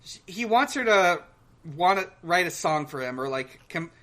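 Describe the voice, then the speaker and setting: A man co-hosting a podcast in casual chat, recapping a cartoon in a hesitant, halting way full of pauses. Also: high-pitched, expressive, fairly bright tone. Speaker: podcast co-host.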